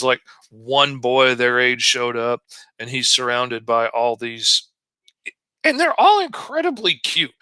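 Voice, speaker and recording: Middle-aged man, folksy storyteller, smooth bright voice. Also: mid-range voice, no echo. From Arkansas. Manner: folksy and chatty, drawls out stories. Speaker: comic artist streaming while drawing. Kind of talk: casual storytelling while drawing.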